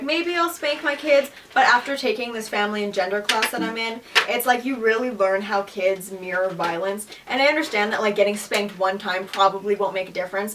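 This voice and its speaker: A woman's voice: medium pitch, fairly bright tone, distant mic, slight background noise, low-quality recording. A young woman co-hosting a casual podcast chat, teasing dryly and laughing a lot. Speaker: podcast co-host.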